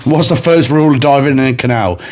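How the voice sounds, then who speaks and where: A young adult man, co-hosting a comedy podcast and mocking his friend with quick jokes. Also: medium pitch, heavy background noise. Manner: teasing, mocking, quick jokes with frequent laughter. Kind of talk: casual banter.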